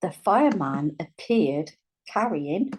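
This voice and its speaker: A woman teaching a writing lesson, speaking patiently and dictating words slowly as she writes them out. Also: lowish voice, big pitch swings, a little mellow, slightly rough. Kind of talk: dyslexia writing lesson, thinking aloud while writing.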